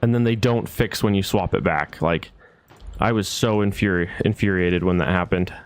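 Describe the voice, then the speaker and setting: A man's voice: low-pitched, moderate pace. A man casually talking to himself while streaming a building game, muttering over his plans and grumbling about things going wrong. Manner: muttering to himself while planning, annoyed at bugs. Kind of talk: casual gameplay commentary.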